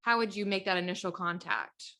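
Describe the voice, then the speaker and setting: A woman's voice: mid-range voice, brisk, bright, forceful tone. A woman hosting a podcast, posing long, careful questions to her guest. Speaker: podcast host. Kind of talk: interview questions.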